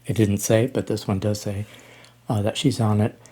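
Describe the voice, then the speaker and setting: A man in his sixties talking casually as he reacts to music, halting with frequent ums and restarts. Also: on the low side, little pitch movement, mellow, breathy edge. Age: 60s. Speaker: reaction channel host.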